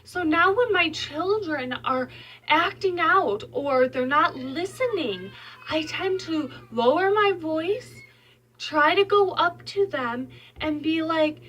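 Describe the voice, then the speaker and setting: A woman's voice: extremely high pitch, lively intonation, takes it slowly, a bit bright. A young mother of five sharing a heartfelt, faith-filled vlog from her bedroom, talking earnestly and with emotion. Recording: voice slightly distant from mic.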